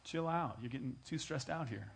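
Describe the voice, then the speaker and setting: A man preaching a sermon, moving between conversational storytelling and loud, emphatic exhortation, calling on his congregation to answer back. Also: mid-range voice, moderate pace, creaky, breathy edge. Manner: emphatic, engages the congregation with call and response. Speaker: pastor.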